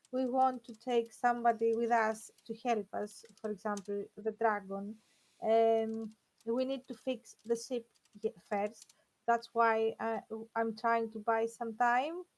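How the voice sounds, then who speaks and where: A woman taking part in a tabletop game, her voice fairly high. She talks slowly and hesitantly, filling the gaps with ums and uhs as she works her way through a question. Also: rough recording. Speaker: player.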